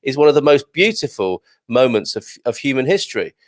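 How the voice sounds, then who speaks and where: Lively jovial male show host. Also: mid-range voice, brisk, no echo, clean studio sound. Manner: jovial, reads out viewer comments. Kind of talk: live morning show chat.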